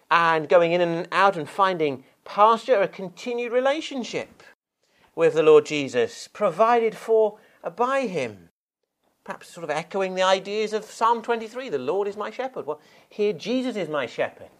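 A man's voice: sits high, expressive, unhurried, fairly bright tone. A man preaching a sermon, stressing key words.

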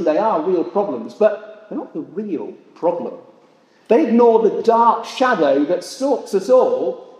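A man's voice: a little high, darkish tone. A man preaching a sermon to a church congregation, conversational and full of rhetorical questions. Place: church hall. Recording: echoey hall with long reverb.

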